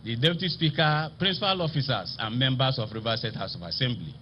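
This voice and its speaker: A Nigerian man addresses a ceremony from a podium microphone, his pitch swinging widely as he stresses key words. The audio is slightly dull, with faint ambience from the venue behind him. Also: lively intonation, slight background noise. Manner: oratorical, slow emphatic delivery with rising stresses. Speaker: state assembly speaker. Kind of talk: formal ceremonial speech.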